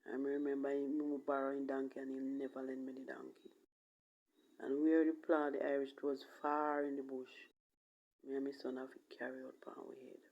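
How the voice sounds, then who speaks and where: A Jamaican woman from Jamaica telling her own life story in an emotional vlog, her voice often dropping to a whisper. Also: rumbling low. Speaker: vlogger. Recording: dull lo-fi recording.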